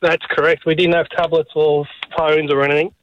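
A man's voice: fairly high pitch, flat delivery, a little fast, a little hiss or hum. A man in his forties with an Australian accent, calling a radio show and telling a story cheerfully, swearing casually. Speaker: caller. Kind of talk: phone-in chat. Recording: phone line.

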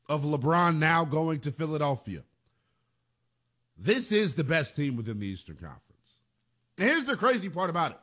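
A man's voice: on the high side, fairly bright tone. A man hosting a sports talk radio show, delivering an emphatic monologue and repeating phrases for punch.

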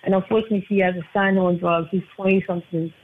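A woman's voice: fairly low pitch, level tone, fast talker, slight background noise. A woman calling into a radio show as an insurance agent guest, talking earnestly and repeating her phone number. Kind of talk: casual radio talk. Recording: tinny phone line.

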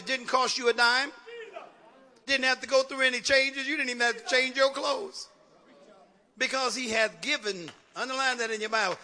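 A man a sermon in a call-and-response style, building from talk to shouts. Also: very high voice. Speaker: preacher.

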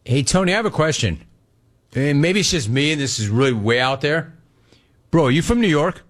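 A man hosting a call-in sports radio show, talking in an animated, jokey, rambling way. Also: on the high side, brisk. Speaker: radio sports talk host.

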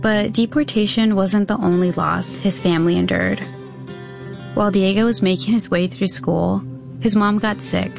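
A woman reporter giving a scripted, measured news narration. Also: medium pitch, gravelly, soft background music. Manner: measured, even storytelling delivery.

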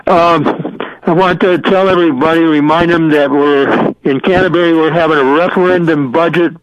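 A man's voice: a little high, fairly even intonation, normal speed, no echo, dull audio. A man calling in to a radio show, speaking hesitantly and stumbling over his words. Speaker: radio caller. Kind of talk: phone-in announcement.

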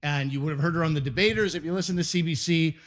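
A man emceeing a comedy show, introducing the next comedian and shouting her name to the crowd. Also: on the high side, rapid-fire. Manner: hyped, shouting the act's name.

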